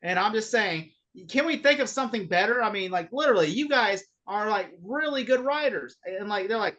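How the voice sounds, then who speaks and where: A man's voice: sits high, lively intonation, brisk, few pauses, fairly bright tone, lo-fi sound. Man ranting, full of swearing. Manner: heated, profane ranting. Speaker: podcast co-host. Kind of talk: casual chat.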